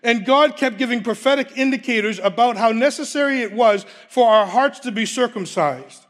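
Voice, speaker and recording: A man's voice: very high-pitched, moderate pace, fairly bright tone. A man preaching a sermon, emphatic, repeating key phrases and laughing between points.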